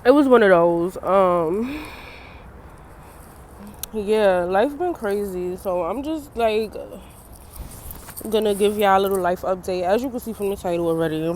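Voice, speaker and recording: This vlogger has a mid-range voice, recorded with slight background noise. She's a young woman chatting loosely to her camera outside in the cold, laughing frequently even though her eyes are swollen from crying.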